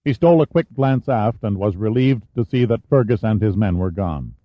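A man reading a thriller audiobook in a steady, measured narration. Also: on the low side, dry recording. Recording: dull dry studio recording.

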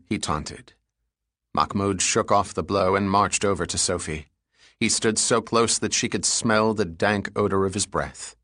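A man narrating a thriller audiobook chapter in a steady, measured way. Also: lowish voice, no room sound, clean studio sound. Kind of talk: scripted narration.

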